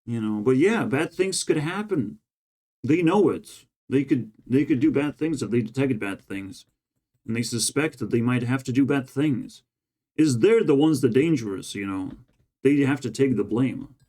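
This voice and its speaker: A man's voice: medium pitch, lively intonation, moderate pace, dark tone. A tired, run-down man talking to camera in a casual, rambling monologue, venting his frustration with frequent swearing. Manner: frustrated, profane ranting. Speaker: vlogger.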